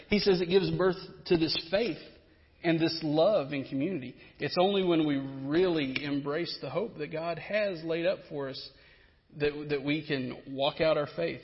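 A man preaching a sermon as a pastor, explaining scripture earnestly with frequent fillers and restarts. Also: on the high side. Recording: reverberant hall, slightly dull sound.

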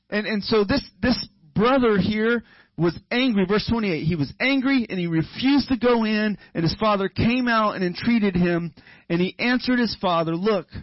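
A man's voice: high-pitched, no echo, dull audio. A man preaching a sermon in an earnest way, often repeating words and restarting his phrases. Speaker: pastor.

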